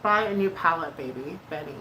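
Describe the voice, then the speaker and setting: Bright-voiced woman chatting on a livestream. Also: deep voice, animated, a little fast, slight background noise, poor audio. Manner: chatty, swears freely, reads out viewer messages. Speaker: livestream host doing makeup. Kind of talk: casual livestream chat with viewers.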